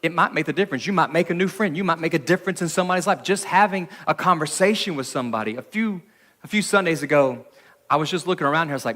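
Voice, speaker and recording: A man's voice: fairly high pitch, fast talker. A man preaching a sermon in a church, reading scripture and then talking in a conversational way, often acting out the people in the story. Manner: conversational, acts out the people in the story with lively voices. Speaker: pastor. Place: church hall. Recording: reverberant church hall.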